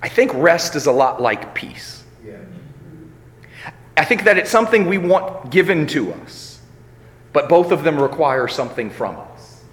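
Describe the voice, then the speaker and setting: A man preaching a sermon with a high, bright voice that rings through a large hall. He drops low and quiet for reflection, then climbs into loud, emphatic runs. Long reverb trails every phrase. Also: sing-song, unhurried.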